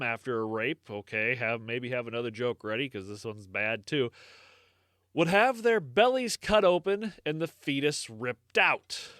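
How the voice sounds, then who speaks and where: A man's voice: mid-range voice, a bit bright, no echo. Man, podcast co-host, sombre apologetic delivery, dry close sound. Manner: sombre, apologetic reading of grim history. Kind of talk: casual true-crime podcast chat.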